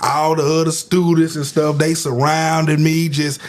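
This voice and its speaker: A man casually telling an animated, slangy, boastful story about his past. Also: on the high side, measured pace.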